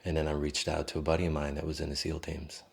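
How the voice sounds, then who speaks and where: Being interviewed, this man recounts his story in an extremely deep, husky voice that remains calm and unhurried. His manner is candid and reflective, with frequent pauses between thoughts and the occasional filler.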